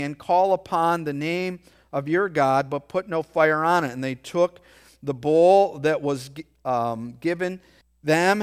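Slow, deliberate male preacher. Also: a little high, smooth. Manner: reads verses slowly, then explains in a quick aside. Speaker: pastor. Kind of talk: sermon reading and explaining scripture.

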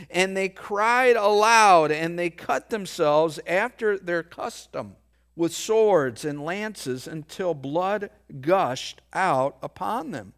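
A man preaching a sermon, reading scripture aloud and pausing to explain it in quick, casual asides. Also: fairly high pitch, expressive, a bit bright, smooth. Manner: reads verses slowly, then explains in a quick aside. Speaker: pastor.

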